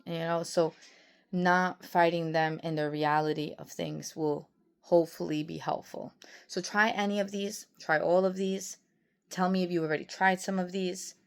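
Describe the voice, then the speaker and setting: A woman in her forties, a nurse practitioner, giving parenting advice in a casual, conversational way, often acting out little parent-and-teen exchanges. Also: on the low side. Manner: warm, conversational, acts out parent-teen dialogue, many restarts. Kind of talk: casual advice talk to camera.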